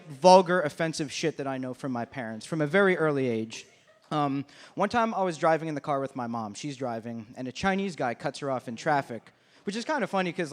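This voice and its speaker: A young man performing a crude, brash stand-up comedy set on a comedy club stage. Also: a little high.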